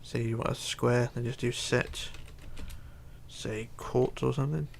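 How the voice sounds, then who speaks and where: A man live-streaming casually from his computer, talking in a halting way and reading out viewer questions. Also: mid-range voice, steady tone, vocal fry, a little hiss or hum. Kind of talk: casual live-stream chat while building.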